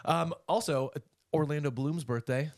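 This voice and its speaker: A man's voice: on the high side, measured pace, dry recording, clean studio sound. A man co-hosting a podcast in casual chat, with goofy, self-mocking jokes. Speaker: podcast co-host.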